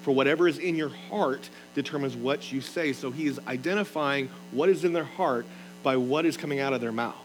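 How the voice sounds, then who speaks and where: A man's voice: mid-range voice, brisk, soft background music, poor audio. A man preaching a sermon in an earnest, emphatic way, reading scripture aloud and explaining it. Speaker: pastor.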